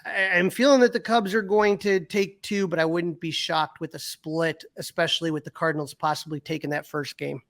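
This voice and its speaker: A man's voice: fairly high pitch, fairly even intonation, fairly quick, few pauses, a bit bright, no echo, studio quality. A middle-aged man co-hosting a sports podcast in casual chat, reading out stats with fillers and restarts. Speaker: podcast co-host.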